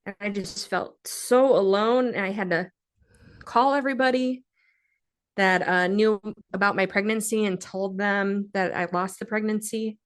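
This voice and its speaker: A young woman telling a personal story in a podcast interview, speaking haltingly and with feeling, with many pauses and fillers. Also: medium pitch, fairly even intonation, smooth. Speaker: guest sharing a personal story.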